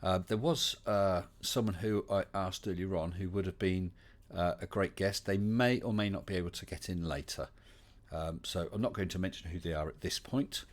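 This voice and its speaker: A man's voice: deep voice, moderate pace. A man with an English West Country accent hosting a casual livestream chat, chatty and welcoming, with many fillers. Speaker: livestream host.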